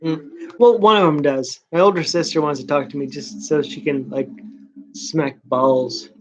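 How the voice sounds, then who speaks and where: Man, slow unhurried talk, rambling confessional vlog monologue, dull muffled recording. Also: on the high side. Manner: rambling and confessional, with hushed asides. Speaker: vlogger. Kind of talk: casual late-night monologue.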